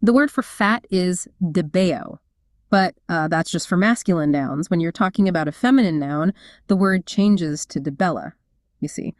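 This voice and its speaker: A woman's voice: lowish voice, moderate pace, no room sound, clean studio sound. A woman co-hosting a casual explainer chat, upbeat and explanatory, with frequent fillers. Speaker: co-host.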